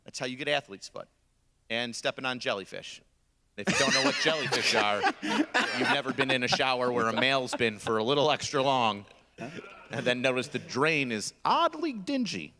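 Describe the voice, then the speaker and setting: Lively, profane drill sergeant man. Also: medium pitch, moderate pace, slight background noise. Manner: profane, blunt, lively storyteller. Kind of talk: comedic storytelling on a live stream panel.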